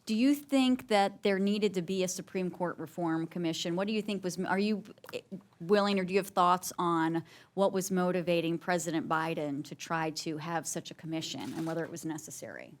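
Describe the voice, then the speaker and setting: A woman's voice: on the low side, moderate pace. A woman moderating a conference interview, asking the guest questions. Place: conference stage.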